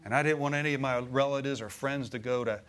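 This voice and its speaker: A man's voice: mid-range voice, steady tone, quick pace, noisy background. A middle-aged man preaching a sermon, telling stories and swelling into emphatic exclamations. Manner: storytelling, rising to emphatic exclamations.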